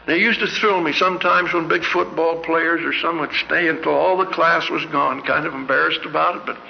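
A man's voice: a little high, vocal fry. An older man from Canada giving an anecdotal sermon as a church speaker, an earnest storyteller who asks many searching questions. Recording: dull lo-fi recording in a reverberant hall.

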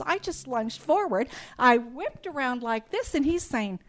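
A woman's voice: high voice, animated, unhurried, few pauses. A middle-aged woman giving a spoken testimony to an audience, telling her story emphatically and acting out the dialogue. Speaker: speaker telling a personal testimony.

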